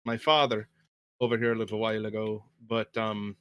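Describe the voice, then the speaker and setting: A man voicing a weary, blunt immigrant who talks in halting, grumbling bursts. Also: lowish voice, flat delivery, fairly bright tone, clean tone, pitched below the performer's own voice, lightly acted.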